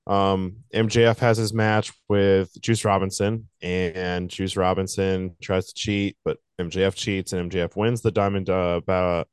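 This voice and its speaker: Low, smooth-voiced man recapping wrestling. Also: little pitch movement, a little slow, hardly any pauses, no room sound, clean studio sound. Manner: laid-back, sarcastic recapping with fillers. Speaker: podcast co-host. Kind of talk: casual wrestling podcast chat.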